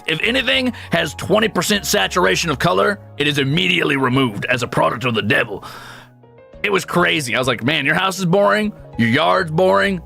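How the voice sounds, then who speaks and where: A man's voice: on the high side, creaky, pushed and bright. A young adult man streaming, chatting casually and rambling through a profane story. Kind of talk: casual chat.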